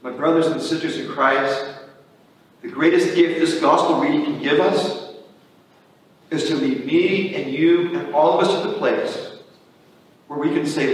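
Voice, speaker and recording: A man's voice: fairly high pitch, measured pace, pauses often, recorded from a distance, a little hiss or hum. A priest giving an earnest sermon, preaching in a conversational way and often repeating his phrases. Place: church. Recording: echoey church hall from afar.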